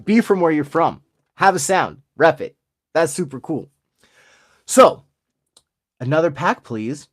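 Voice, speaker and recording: A man's voice: on the high side, big pitch swings, measured pace, pauses often. A man in his forties from Alberta with an Albertan Canadian accent, hosting his channel and chatting jokily with viewers while opening card packs. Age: 40s. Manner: jokey, chatty, addresses viewers.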